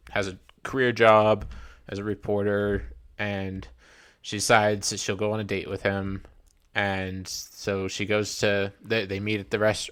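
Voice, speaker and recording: A man's voice: on the low side, fairly bright tone. A young man co-hosting a podcast, chatting casually about a movie, rambling with restarts and mock quotes. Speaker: podcast co-host. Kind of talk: casual movie review chat.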